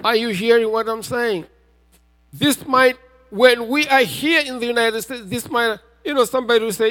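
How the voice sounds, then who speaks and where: A man preaching a sermon as a pastor, telling a personal testimony and building to shouted appeals. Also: very high voice, moderate pace. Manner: testimony told with rising intensity, often shouting. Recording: reverberant hall.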